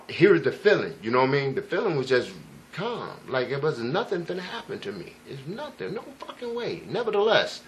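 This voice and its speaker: A man's voice: mid-range voice, a bit bright, a little hiss or hum. Rambling, profane man telling a story. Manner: rambling, profane, emphatic, frequent "you know what I'm saying". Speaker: vlogger. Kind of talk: casual first-person storytelling.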